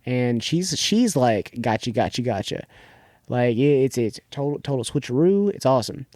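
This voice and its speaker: A man's voice: medium pitch, expressive, normal speed, a little mellow, dry recording, clean studio sound. A young man co-hosting a podcast, casually recapping a TV episode in a rambling way, restarting often and leaning on filler words. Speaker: podcast co-host.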